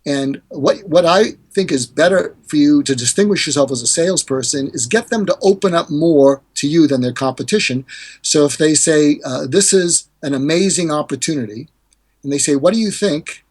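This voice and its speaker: A man's voice: normal speed, breathy edge. An older man, a hostage negotiator and author, explaining communication techniques in a podcast interview and acting out quoted lines. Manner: animated, acts out quoted dialogue with pitch jumps.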